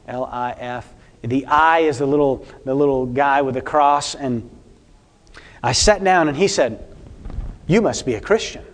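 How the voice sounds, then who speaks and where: A man with a high voice preaches a sermon. He tells a personal story with animated energy and turns often to his listeners with questions. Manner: storytelling, animated, addresses congregation directly.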